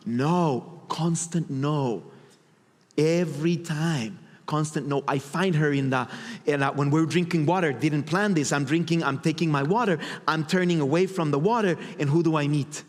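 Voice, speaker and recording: A man giving a motivational stage talk, telling a personal story in an animated way and acting out his inner voices. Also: fairly high pitch, normal speed. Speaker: motivational speaker. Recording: long hall reverb.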